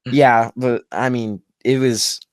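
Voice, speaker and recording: A man co-hosting a podcast in an easy, casual chat. He talks loosely, leaning on fillers and restarting sentences as he goes, at an ordinary middle pitch. The recording is dry and close, with no room echo. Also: fairly even intonation, takes it slowly. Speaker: podcast co-host.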